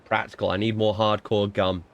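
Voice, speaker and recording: A man's voice: lowish voice, flat delivery, normal speed, lo-fi sound. A young man streaming a game, rambling and swearing in a self-mocking, casual commentary.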